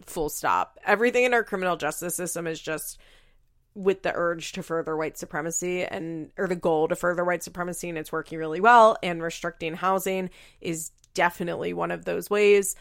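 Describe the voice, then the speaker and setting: A woman's voice: on the low side, steady tone, brisk, dry recording, clean studio sound. A woman recapping a reality show in casual chat, blunt and profane, often laughing.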